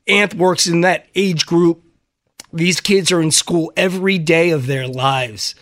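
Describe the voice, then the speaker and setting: A middle-aged man on the radio, speaking in a raw and openly upset voice that sits fairly high for a man. His studio sound is close and dry, with no room around it. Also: unhurried, fairly bright tone, no echo. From United States. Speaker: radio host. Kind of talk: emotional on-air talk. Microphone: studio microphone.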